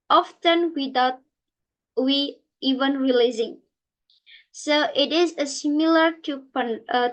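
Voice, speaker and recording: A young woman from Indonesia, a student giving a recorded class presentation and explaining carefully, with many halts and restarts. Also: sits high. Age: young adult.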